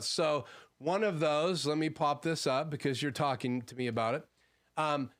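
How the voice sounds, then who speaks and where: Smooth-voiced man hosting a gear livestream. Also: a little high. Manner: conversational, frequent "um" fillers, explanatory. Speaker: livestream host. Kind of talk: casual gear talk answering live chat. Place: home video studio.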